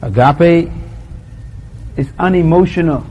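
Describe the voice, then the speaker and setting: Guy preaching, jokey and animated, keeps saying you know, see, kinda high voice. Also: takes it slowly, a little hiss or hum, poor audio. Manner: animated, humorous, acts out little scenes. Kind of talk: sermon.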